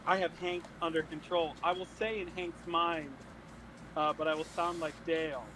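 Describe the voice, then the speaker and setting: High-voiced man playing a tabletop game. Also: fairly even intonation, normal speed, noisy background. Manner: voices his character in sudden loud high shouts. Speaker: player.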